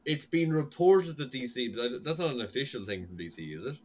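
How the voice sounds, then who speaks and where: A man's voice: medium pitch, very animated, a little fast, a little hiss or hum. A man co-hosting a podcast, rambling and loose, swearing freely. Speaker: podcast co-host. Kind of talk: casual chat.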